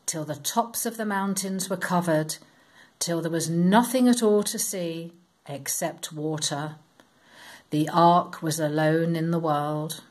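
A woman reading a Bible story aloud to children, in a slow, expressive, sing-song storytelling manner. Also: fairly low pitch.

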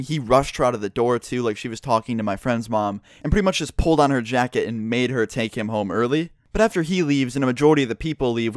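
Young male vlogger, rapid profane storytime delivery, dry close sound. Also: medium pitch, no echo. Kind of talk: casual storytime.

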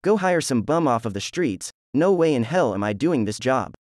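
A man's voice: mid-range voice, very animated, normal speed, no echo, lightly acted. A rude, lazy young ninja who throws out crude, mocking insults, as a man reads him in a fan story. The voice sits close and dry, with no room around it.

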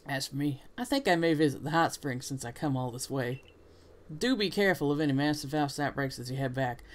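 A man's voice: medium pitch, brisk, lightly acted. A man voicing a boastful, competitive young man, attempting a Southern accent with a smug, one-upping manner.

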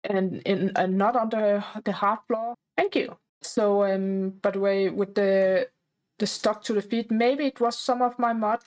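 Woman, gameplay commentary, chatty, plays the baby, playfully demanding, mid-pitched voice. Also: fairly even intonation, measured pace, a little mellow.

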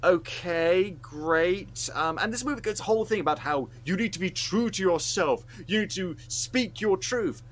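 On a film review podcast, a male co-host rants with heated, sweary sarcasm in casual style. His voice is high and fairly bright, and he talks animatedly and a little fast, barely pausing.

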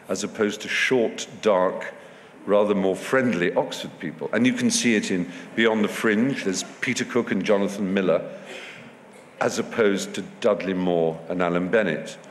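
On a festival stage in front of an audience, a male guest talks a little slowly in a fairly low voice, wry and rambling, frequently starting his sentences over. Long hall reverb and faint background noise color the recording.

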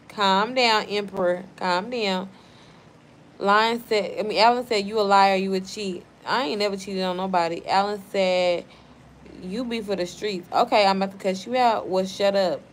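Young woman streamer, a little drunk, brash and quick to clap back at her chat, mid-range voice. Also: mid-range voice, slight background noise. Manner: brash, profane, quick to snap at chatters. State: tipsy from wine. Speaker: livestream host reading chat. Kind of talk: casual livestream chat.

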